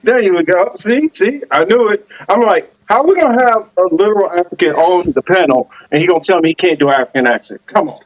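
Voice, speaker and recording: A man hosting a loose panel podcast, his voice sitting a little high. He jokes, swears and teases the guests. The audio is dull and lo-fi. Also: animated, brisk, hardly any pauses. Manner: joking, profane, teasing the panel. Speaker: podcast host. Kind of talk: casual panel chat.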